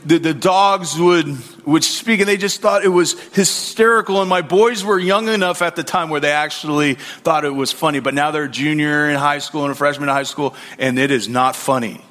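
A man's voice: a little high, steady tone, normal speed, few pauses, fairly bright tone. A man in his forties preaching a sermon in a church, praying and telling stories in a conversational way, with many fillers and repeated words. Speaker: pastor. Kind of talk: sermon with prayer and anecdotes. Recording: long hall reverb.

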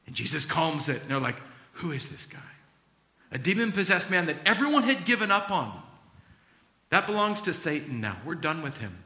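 A man preaching a sermon as pastor, acting out Bible scenes in an animated, storytelling way. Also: a little high, moderate pace, reverberant.

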